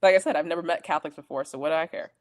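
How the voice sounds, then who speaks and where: Young female podcast co-host with a low, casual voice, rambling storyteller. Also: rapid-fire. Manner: rambling storytelling with self-corrections and laughs. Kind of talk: casual chat.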